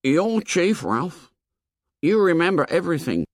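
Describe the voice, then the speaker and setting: A man's voice: a little high, big pitch swings, a little slow, no room sound, studio quality, voice pushed up, exaggerated voice. A man voicing an earnest, short-sighted boy who speaks eagerly and hastily, trying to please. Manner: eager, placating, hasty.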